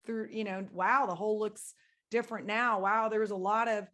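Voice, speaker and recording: A woman guest on a podcast, talking at a mid pitch in a reflective, meandering way. Her tone is casual and conversational, with plenty of fillers. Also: fairly even intonation, normal speed, a bit bright. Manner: reflective, rambling.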